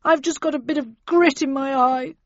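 A woman's voice: high voice, fairly even intonation, normal speed, dry recording, lo-fi sound, voice pushed up, close to an everyday voice. A woman reading a story, voicing a resentful young man who growls and snaps. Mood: defensive. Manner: growling, snappish.

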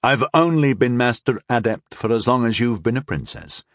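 A man's voice: mid-range voice, animated, no room sound, clean studio sound, natural voice. A man doing a guarded young court wizard. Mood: restrained. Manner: measured, restrained, deferential. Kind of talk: audiobook character voice.

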